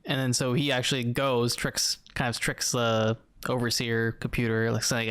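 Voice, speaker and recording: A man co-hosting a gaming podcast in casual chat, talking in halting starts and restarts. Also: medium pitch, flat delivery, a bit bright, clear, resonant tone. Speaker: podcast co-host.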